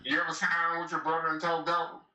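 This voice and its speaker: A man's voice: on the high side, monotone, fast, pushed and bright, echoey room, low-quality recording. A man hosting a casual talk show, teasing his guests with profane jokes. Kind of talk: casual chat.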